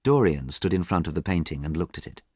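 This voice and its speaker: A man narrating a simplified story slowly and clearly, in a scripted storytelling style. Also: low voice, no echo, clean studio sound. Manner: slow, clear and even storytelling. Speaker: audiobook narrator. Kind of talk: scripted graded-reader narration.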